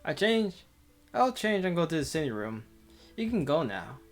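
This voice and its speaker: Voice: mid-range voice, very animated, moderate pace, soft background music. A streamer reading a visual novel aloud in a casual, giggly way, stumbling and restarting over words between bits of chat. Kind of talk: casual visual novel read-through with commentary.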